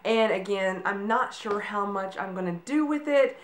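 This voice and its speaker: A woman in her forties talks casually to her camera, loose and rambling, with plenty of ums. Her voice sits at a middle pitch, and the room around her rings with echo. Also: moderate pace. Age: 40s. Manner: chatty, rambling, with frequent ums. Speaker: vlogger. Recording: echoey room.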